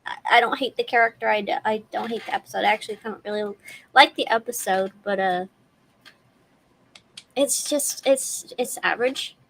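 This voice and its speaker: A woman who is a guest on a casual podcast chat, plainspoken and quick to laugh along. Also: fairly high pitch, steady tone, gravelly, a bit bright, a little hiss or hum, low-quality recording.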